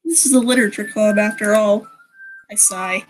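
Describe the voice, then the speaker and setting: A woman's voice: medium pitch, normal speed, soft background music, voice pushed down, close to an everyday voice, low-quality recording. A woman voicing an awkward teenage boy protagonist who talks in a dry, sheepish way. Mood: narrating.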